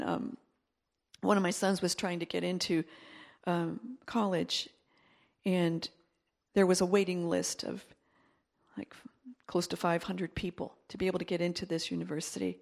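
A middle-aged woman giving a sermon testimony, swinging between loud emphatic bursts and quiet, confiding asides. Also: on the low side, creaky.

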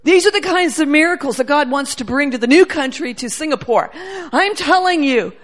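Passionate woman preacher, high voice, swells to cracking cries; sometimes drifts off-mic. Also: expressive, moderate pace. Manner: fervent, builds to near-shouting, voice breaking with emotion. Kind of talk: charismatic sermon.

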